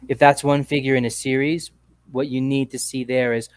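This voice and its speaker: A man's voice: medium pitch, little pitch movement, normal speed, clean tone, no echo. Laid-back slangy man hosting a chat show. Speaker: podcast host. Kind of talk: casual chat.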